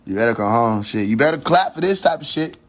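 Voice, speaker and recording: A man's voice: mid-range voice, lively intonation, fast. A man hosting his own livestream, ranting in a heated, preachy and profane way, repeating his warnings and restarting his sentences as he thinks aloud. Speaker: livestream host. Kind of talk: casual rant on a social media livestream.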